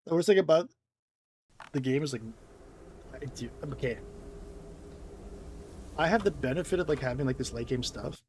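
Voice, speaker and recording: A man's voice: mid-range voice, a little slow, pauses often, darkish tone, slight background noise. A man giving casual gameplay commentary, rambling and self-amused, easily sidetracked. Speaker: game streamer.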